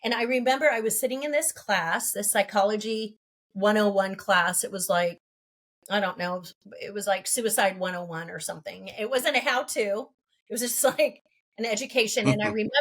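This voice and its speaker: A woman's voice: mid-range voice, a bit bright. Woman in her fifties, earnest storyteller. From California. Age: 50s. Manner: earnest, halting, laughs between thoughts. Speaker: podcast guest. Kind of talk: candid personal storytelling.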